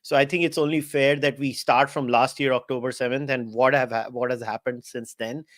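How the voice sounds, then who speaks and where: A man hosting a podcast, asking questions in a halting way with fillers and restarts. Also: mid-range voice, fairly even intonation, dry recording. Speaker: podcast host. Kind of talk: interview questions.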